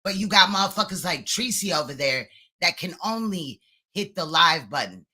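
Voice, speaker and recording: A man's voice: sits high, big pitch swings, moderate pace, pushed and bright, breathy edge. A man co-hosting a live commentary stream, crude and mocking and full of profanity. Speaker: co-host commentator.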